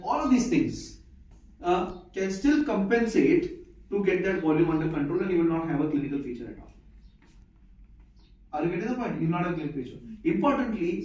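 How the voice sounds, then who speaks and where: A man's voice: fairly high pitch, warm tone. A man lecturing a live class, repeating key points and checking whether his listeners follow. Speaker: medical lecturer. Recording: echoey, distant, muffled room recording.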